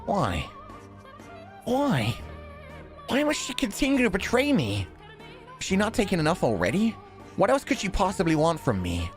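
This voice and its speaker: A man's voice: sits high, huge pitch swings, normal speed, long pauses, soft background music, voice pushed up. A man voicing a jealous, frantic nobleman, reading visual novel lines in an agitated, rising voice. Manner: agitated, pleading, raised voice. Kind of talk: visual novel dialogue read aloud.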